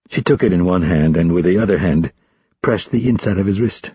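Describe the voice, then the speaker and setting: A man reading a novel aloud as a first-person narrator, in a measured, even delivery. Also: low-pitched, slightly rough, no room sound, lo-fi sound. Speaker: audiobook narrator.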